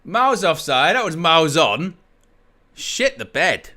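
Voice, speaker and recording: A man hosts a fan watchalong of a football game, giving live commentary as he laughs, swears and rants at the officials, his pitch leaping around with big swings. His voice is bright and forceful, a little high for a man, and his delivery is unhurried.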